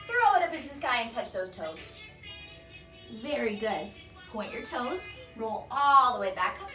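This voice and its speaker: A young woman teaching a children's dance warm-up from a home workout room, cheerfully counting beats and coaching. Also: fairly high pitch, very animated, normal speed. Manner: bright, encouraging, counts beats aloud. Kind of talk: upbeat kids' dance class instruction. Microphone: camera across the room. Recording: echoey room from far off, with music. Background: music playing.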